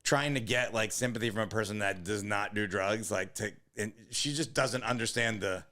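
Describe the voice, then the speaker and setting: A man's voice: lowish voice, bright, forceful tone. A man co-hosting a comedy podcast, telling long rambling profane stories in casual chat. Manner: rambling, profane, quick storytelling.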